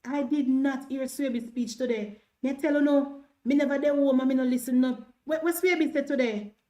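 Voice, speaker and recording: A Jamaican woman with a fairly high voice hosts a political livestream, talking straight to her viewers. She is defiant and repeats herself for emphasis in broad Patois. She speaks in a loose, animated way. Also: moderate pace, highs cut off. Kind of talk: casual political livestream talk.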